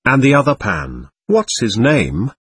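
A man reading the lines of an excitable, reckless young man who talks in a boisterous, impulsive way. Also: medium pitch, a little slow, husky, no room sound.

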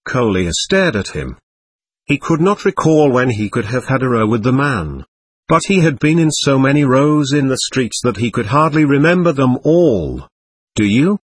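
A man narrating a classic novel in a measured, expressive reading. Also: mid-range voice, breathy edge, no echo. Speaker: audiobook narrator.

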